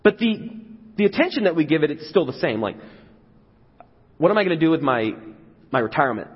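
Husky pastor preaching in a reverberant hall. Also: male voice, fairly high pitch, sing-song, fairly quick. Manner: conversational, acts out voices of the crowd. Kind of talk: sermon. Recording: dull sound with long hall reverb.

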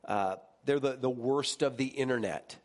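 Animated male pastor preaching casually. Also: moderate pace. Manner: animated, chatty, checks in with listeners with "right?"; lively, jumps higher when recounting stories. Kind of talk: conversational sermon.

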